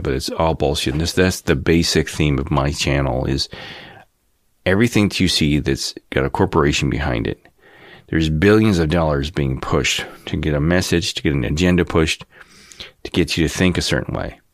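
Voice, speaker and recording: Channel host, man in his fifties, very low voice, dry close sound, cynical rambling monologue. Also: dry recording. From Cleveland, Ohio area. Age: 50s. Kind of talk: casual monologue rant.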